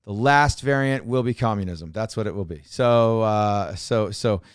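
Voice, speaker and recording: A man's voice: fairly low pitch, moderate pace, smooth, no room sound, clean studio sound. A man co-hosting a podcast in casual chat. He rambles, restarts and repeats words, and he drops joking, sarcastic asides. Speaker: podcast co-host.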